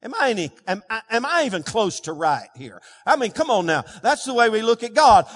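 A man's voice: high-pitched, very animated, a little fast, hardly any pauses, fairly bright tone, slightly rough. A man preaching a sermon as pastor, emphatic and drawing call-and-response from his congregation. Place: church sanctuary. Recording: long reverb of a large hall.

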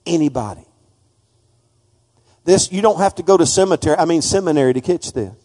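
A male preacher giving a folksy sermon that builds to fervent, shouted praise. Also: a little high, expressive, fairly quick, in a large hall.

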